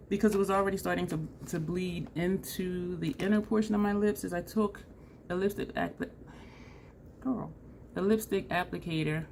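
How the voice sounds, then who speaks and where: A woman's voice: fairly low pitch, darkish tone, slight background noise. A woman chatting casually in a makeup vlog at home, laughing and trailing off mid-sentence. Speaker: beauty vlogger.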